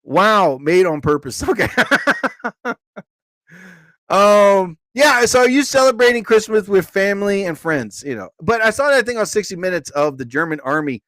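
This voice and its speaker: A man's voice: high-pitched, very animated, normal speed, fairly bright tone, dry recording. A man hosting a casual live stream, rambling and joking as he talks to his viewers.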